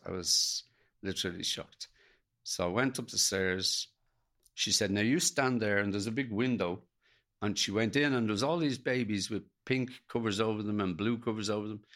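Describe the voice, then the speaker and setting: Irish guy telling a story from his life, lowish gravelly voice, stops and starts, quotes people back. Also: a bit bright. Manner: gravelly, halting, retells dialogue in quotes. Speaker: guest. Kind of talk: emotional personal storytelling.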